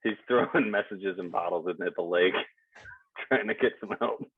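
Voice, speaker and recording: A man's voice: low-pitched, normal speed, breathy edge, no room sound. A man co-hosting a podcast in laid-back, joking casual chat, laughing often. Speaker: podcast co-host. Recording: tinny phone-like line.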